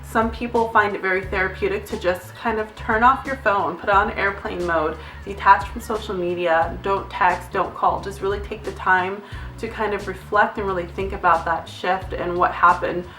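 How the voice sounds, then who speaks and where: Chatty, bright-voiced nurse giving candid advice. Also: female voice, medium pitch, fairly even intonation, normal speed, echoey room, far from the mic, faint music behind. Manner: candid, chatty, reads notes from phone, occasional swearing. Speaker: nurse vlogger. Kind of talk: casual advice vlog.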